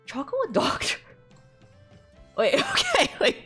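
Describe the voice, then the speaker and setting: A high-pitched woman streamer whose voice leaps all over the place as she exclaims in disbelief. She talks at an unhurried pace in casual live-stream chatter, with faint music playing underneath. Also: huge pitch swings, sharp tone.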